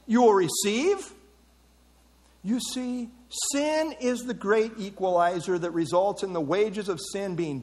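A man's voice: high voice, in a large hall. A man preaching a sermon, emphatic and rhetorical, repeating words for stress.

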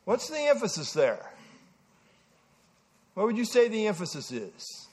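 A man leading an evening Bible study. He teaches in a conversational way, asks the group questions and often pauses with "uh". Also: high voice, very animated, a little mellow.

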